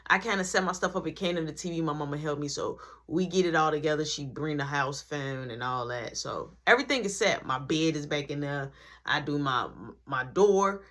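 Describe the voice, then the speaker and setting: A man's voice: fairly high pitch, fairly quick. A man telling a family story storytime-style, acting out every voice. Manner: animated, acts out every voice. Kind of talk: storytime vlog.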